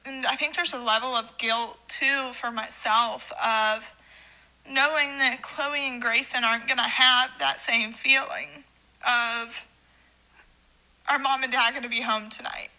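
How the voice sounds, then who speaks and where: A woman's voice: a little high, steady tone, unhurried, pushed and bright, rough recording. A woman speaking earnestly and reflectively in an interview clip.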